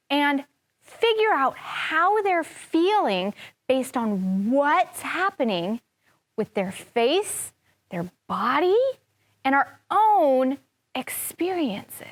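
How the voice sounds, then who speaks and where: A woman teaching kindergarten over a TV classroom, her voice pitched fairly high and full of animated, expressive turns. She talks warmly and slowly enough for small children to follow along. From US Pacific Northwest. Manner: animated, expressive, acts out feelings. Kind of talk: lesson for young children.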